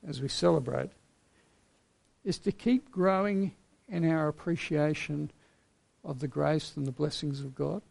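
A middle-aged man preaching a sermon as pastor, earnest and storytelling, with gentle pauses. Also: on the high side, creaky.

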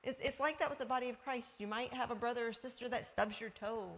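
A woman with a slightly high voice speaks fast in a casual faith discussion, often asking "you know." She tells stories warmly, drawing on everyday examples and laughing along the way.

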